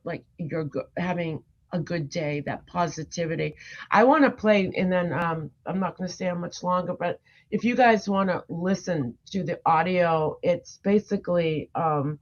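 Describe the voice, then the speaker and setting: A woman hosting a casual livestream, earnestly explaining a morning routine step by step. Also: lowish voice. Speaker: livestream host. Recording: dull lo-fi sound.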